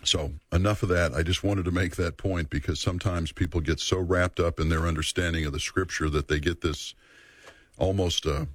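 A deep-voiced man teaches a Bible study series, earnest and measured. He leans on key words and repeats them for emphasis. His voice sounds close and dry. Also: fairly even intonation, no room sound.

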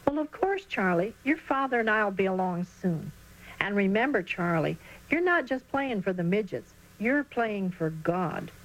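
Woman playing a gentle devout mom, warm-hearted, slow and earnest storybook voice. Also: medium pitch, animated, close to an everyday voice, poor audio. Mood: tender.

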